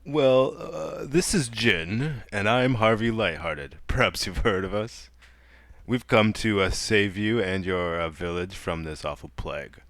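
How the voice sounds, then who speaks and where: A man's voice: lowish voice, a little slow, fairly bright tone, dry recording. A man voicing a self-assured male adventurer who speaks formally and grandly.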